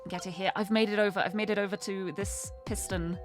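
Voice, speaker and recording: A woman's voice: mid-range voice, steady tone, a little fast, over music. A bubbly, giggly woman chatting casually while she plays a video game live. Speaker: streamer.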